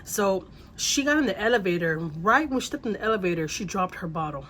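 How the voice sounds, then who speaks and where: A woman casually telling a story at a middle pitch, rambling along and doubling back on her words. She drops a mild curse here and there. Faint noise sits under her voice. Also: lively intonation, fast talker, fairly bright tone. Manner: rambling, repeats herself, mild swearing.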